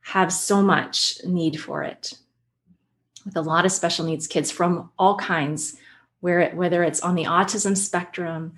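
A woman guest who works with children, explaining her work in an animated way and telling stories. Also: on the low side, measured pace. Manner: animated storyteller, acts out quotes. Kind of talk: conversational explanation with anecdotes.

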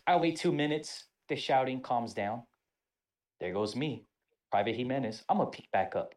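A man co-hosting a podcast, telling an animated, profane story in casual talk. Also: medium pitch, moderate pace. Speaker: podcast co-host.

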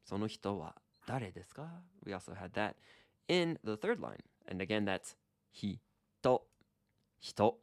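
Low-voiced man teaching Japanese. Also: dry recording. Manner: relaxed, laughs often, models Japanese phrases slowly. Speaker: Japanese language co-host. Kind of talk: casual podcast lesson.

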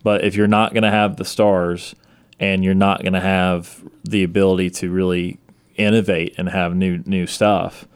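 A man's voice: deep voice, flat delivery, normal speed, clean tone. A man hosting a sports talk show, chatting casually and thinking aloud as he goes.

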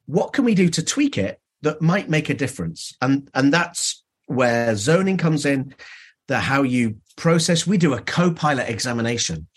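A dentist being interviewed on a podcast, telling stories in an animated way and acting out dialogue. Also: male voice, medium pitch, slightly rough.

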